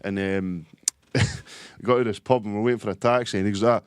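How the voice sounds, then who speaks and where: A man's voice: on the low side, fairly even intonation, brisk, clear, resonant tone, no echo, studio quality. A young Scottish man co-hosting a podcast, chatting casually, laughing through his stories and using local slang. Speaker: podcast co-host. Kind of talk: casual chat.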